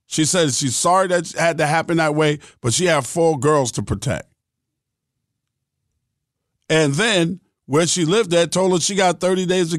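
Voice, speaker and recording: A man's voice: fairly high pitch, dry recording, clean studio sound. Blunt, profane middle-aged man ranting. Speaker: podcast host. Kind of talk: podcast monologue.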